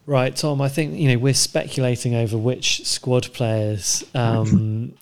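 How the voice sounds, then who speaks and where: A man co-hosts a chatty podcast from his laptop, trading dry, teasing remarks. His voice has a gravelly, rough edge. It sounds like a video call. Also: medium pitch, little pitch movement, a little slow, darkish tone. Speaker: podcast co-host. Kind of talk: casual chat.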